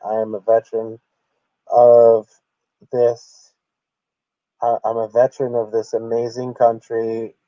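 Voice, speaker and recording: A man's voice: medium pitch, warm tone, no echo, highs cut off. A man hosting a satirical livestream, speaking in a mock-earnest, theatrically emotional way. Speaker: streamer.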